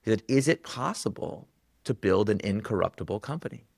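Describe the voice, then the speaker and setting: A man, a guest author, telling a story in conversation and acting out the quoted dialogue with lively jumps in pitch. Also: brisk, gravelly, no room sound, clean studio sound.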